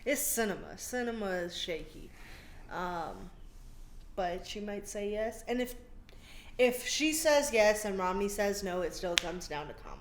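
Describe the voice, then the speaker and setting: A woman's voice: mid-range voice, animated, measured pace. A woman with a mid-range voice lays out vote counts in a matter-of-fact way. The recording carries a roomy echo and a faint hiss underneath. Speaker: podcast guest. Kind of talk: casual political chat. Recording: echoey room with faint noise.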